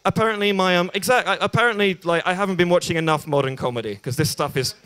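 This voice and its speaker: A man's voice: sits high, fast, fairly bright tone, smooth, no room sound. A young English man doing a stand-up set at an open mic, hesitant and self-deprecating, with lots of ums and restarts. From England. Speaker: stand-up comedian. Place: small bar venue.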